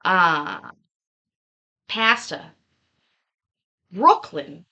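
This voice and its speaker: A woman's voice: fairly low pitch, lively intonation, slow, pauses often, sharp tone. A woman with a Canadian accent hosting a casual livestream chat, laughing and playfully arguing with viewers about how words are said. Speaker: livestream host.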